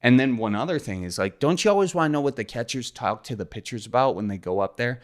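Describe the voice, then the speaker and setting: A man's voice: mid-range voice, animated, quick pace. A man, hosting his podcast in a folksy, joking, rambling way. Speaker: podcast host. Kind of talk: casual solo podcast intro.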